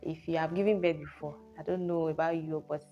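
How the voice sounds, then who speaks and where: Young nigerian woman, storytime vlogger, lowish voice, animated telling, faint guitar music behind. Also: brisk, dull audio. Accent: Nigerian English. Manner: animated storyteller, exclamations like oh and hey. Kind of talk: storytime vlog.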